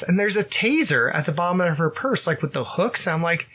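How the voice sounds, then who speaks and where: A man's voice: sits high, a little fast, hardly any pauses. A young adult man hosting a podcast, telling stories with jokes and acted-out quotes. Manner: jokey, animated storytelling with acted-out quotes. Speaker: podcast host. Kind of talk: casual podcast chat.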